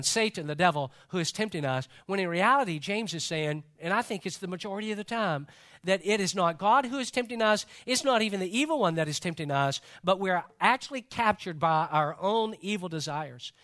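A man's voice: sits high, expressive, fairly quick, pushed and bright. A male pastor preaching a sermon in a church service, talking conversationally and joking with the congregation.

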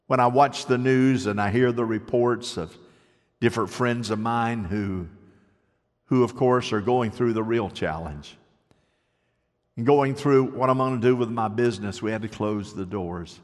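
An older man preaching a sermon, telling stories and moving between lively stretches and soft, hushed passages. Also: mid-range voice, a little slow, long reverb tail. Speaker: pastor.

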